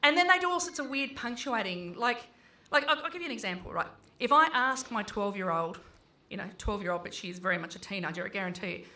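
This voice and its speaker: A middle-aged Australian woman does stand-up in a small pub, chatty and freely swearing. Her medium-pitched, animated voice has a sharp tone, and she acts out her kids in quick voices.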